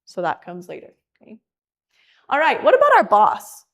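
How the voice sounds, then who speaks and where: A woman leads a class in a relaxed, conversational way. She talks in a chatty manner and brings quotes to life with lively emphasis. Her voice has a slight gravelly edge. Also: a little high, moderate pace. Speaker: class instructor. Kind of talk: casual classroom teaching.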